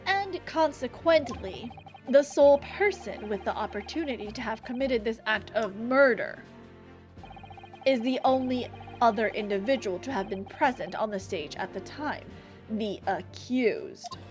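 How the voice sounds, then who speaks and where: A woman voicing a cold, stern male prosecutor who speaks formally and deliberately. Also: fairly high pitch, lively intonation, faint music behind.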